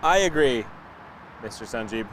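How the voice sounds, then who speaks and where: A man in his thirties hosts a live plane-spotting stream outdoors beside a busy airport, chatting and sharing family anecdotes. His medium-pitched voice is expressive and a bit bright, at a moderate pace. The audio is noisy, with traffic and outdoor ambience behind him.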